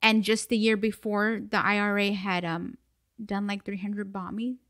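A woman's voice: medium pitch, level tone, normal speed, fairly bright tone, no echo, studio quality. An American woman co-hosting a podcast in casual chat, laughing often and swearing lightly. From United States. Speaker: podcast co-host.

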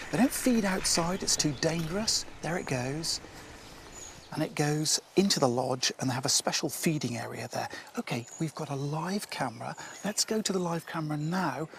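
A man presenting wildlife outdoors by a river, explaining with enthusiasm and sometimes dropping his voice to a hush. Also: a little high, creaky, a little hiss or hum. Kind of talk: outdoor nature presenting to camera.

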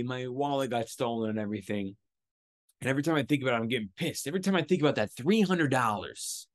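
A mid-pitched man speaks straight into a close mic in a dry, dead room. He tells a story from his own week in a loose, profane way. He jumps into voices when he quotes people. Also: animated, fast talker, dry recording. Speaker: podcast host. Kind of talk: casual solo storytelling.

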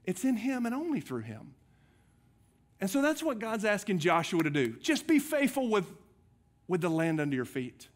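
A middle-aged pastor preaches to his church in a slightly high voice. He talks in an earnest, conversational way and often restarts phrases mid-thought. The sermon mixes casual asides with urgent appeals. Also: huge pitch swings, normal speed. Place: church sanctuary.

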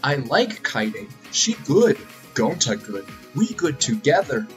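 A man voicing a big simple-minded man who speaks in halting, broken English, over game music. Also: medium pitch, sing-song. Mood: mocking.

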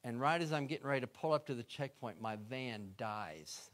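A man's voice: medium pitch, lively intonation, normal speed, fairly bright tone. A middle-aged man, a guest speaker, telling a story in a sermon and acting out his own prayers.

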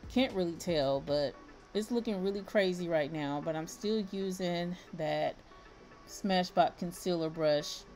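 A woman's voice: lowish voice, a little slow, darkish tone, soft background music. A middle-aged woman, chatting casually through a makeup tutorial and laughing often. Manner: chatty, laughs often, addresses viewers as y'all. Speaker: beauty vlogger.

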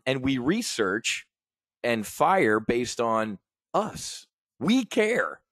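A middle-aged man talks straight to his audience in a brash, swaggering sales pitch, full of profanity and war stories from the trading floor. His voice sits at an ordinary pitch. The sound is dry and close, with no room echo. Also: a bit bright. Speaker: trading educator and host. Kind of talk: animated sales pitch monologue.

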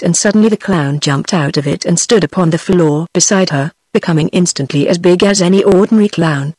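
Computer british lady voice reading a kids fairy tale, flat and steady, totally dry sound. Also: on the low side, slightly rough, no room sound. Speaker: narrator. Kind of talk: text-to-speech audiobook narration.

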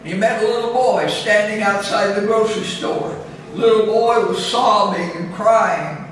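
A man preaching a sermon as pastor, slow and deliberate, lifting his voice on scripture readings. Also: sits high, a bit bright. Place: church chapel. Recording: echoey chapel from a distance, faint room noise.

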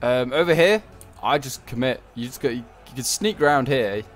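A man's voice: mid-range voice, animated, normal speed, faint music behind. A man giving casual, rambling commentary on a strategy game battle, correcting himself and tossing in joking asides. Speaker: gameplay commentator.

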